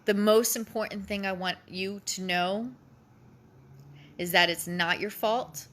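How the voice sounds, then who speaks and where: An adult mother, on the verge of tears, makes an emotional personal appeal to fellow parents, pleading and repeating herself for emphasis. She speaks at a measured pace in a steady, medium-pitched voice with a fairly bright tone.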